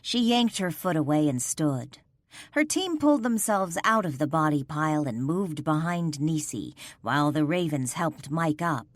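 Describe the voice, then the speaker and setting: A woman narrating a paranormal romance audiobook in a measured, expressive storytelling manner. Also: deep voice, dry recording. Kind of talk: scripted narration.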